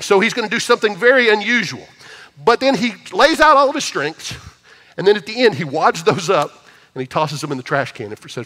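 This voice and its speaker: Male pastor, sermon, conversational, emphatic scripture reading, high-pitched, reverberant church hall. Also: a little fast, fairly bright tone. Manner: conversational preaching, reads scripture with emphatic swings in volume. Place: church auditorium.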